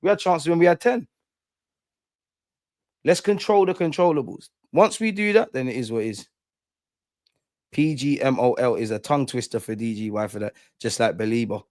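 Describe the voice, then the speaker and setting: A man's voice: medium pitch, moderate pace, pauses often, darkish tone, no echo, clean studio sound. A young man hosting a live fan stream, ranting heatedly and repeating lines for emphasis. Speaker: fan channel host.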